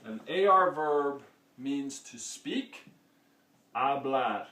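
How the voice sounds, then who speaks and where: Slow-talking male teacher in an echoey room. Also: medium pitch, expressive, pushed and bright. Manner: patient, explains step by step, often checks with okay. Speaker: Spanish teacher. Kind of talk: classroom-style lesson. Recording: echoey room, mic far off.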